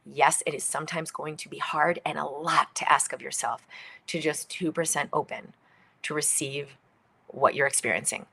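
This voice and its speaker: Lower-pitched woman hosting a book livestream. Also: normal speed, gravelly, breathy edge. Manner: animated, acts out little quoted voices, drops to near whispers. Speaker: author and healer hosting a book launch livestream. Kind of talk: livestream talk with book reading.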